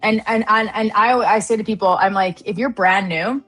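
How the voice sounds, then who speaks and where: A woman explains her trading approach in a loose, conversational way, now and then slipping in a joke. Her pitch is middling for a woman. Faint music plays under her voice. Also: fairly even intonation, normal speed, a bit bright, poor audio. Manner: casual, joking, explanatory. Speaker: trading stream co-host. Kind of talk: live-stream trading chat.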